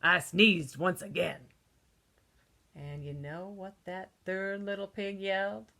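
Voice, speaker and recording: A woman's voice: lowish voice, little pitch movement, slow, creaky, sharp tone, heavily acted. A woman voicing a male wolf who tells his own side of a children's story, conspiratorial and cheeky. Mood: sly. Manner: conspiratorial storytelling, with gasps and sneezes.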